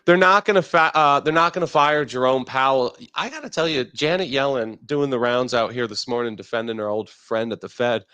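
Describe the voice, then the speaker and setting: A man hosting a live stock market show, talking in brash, profane, excitable trader banter. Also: mid-range voice, a little fast, hardly any pauses, clean tone, dry recording. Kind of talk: casual market chat.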